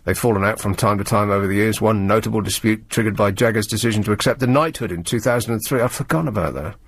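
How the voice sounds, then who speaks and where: A man's voice: lowish voice, quick pace, husky, no echo. A male radio host from England chatting over the news in a dry, sardonic, rambling way, full of ums and asides. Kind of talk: late-night radio chat and news commentary.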